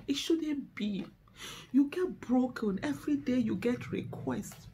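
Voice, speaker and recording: A woman's voice: high-pitched, a little slow, vocal fry, dark tone, a little hiss or hum. A middle-aged Nigerian woman with a Nigerian accent, delivering an impassioned, emotional speech to camera, fervent and close to tears. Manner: fervent, rising to exasperated outbursts. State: tearful, close to breaking down. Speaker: activist.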